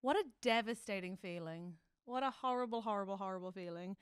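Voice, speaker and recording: A woman's voice: mid-range voice, brisk, clean tone, no echo. A woman co-hosting a podcast in a studio, chatting casually and animatedly, laughing often. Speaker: podcast co-host. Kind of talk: casual chat. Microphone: studio mic.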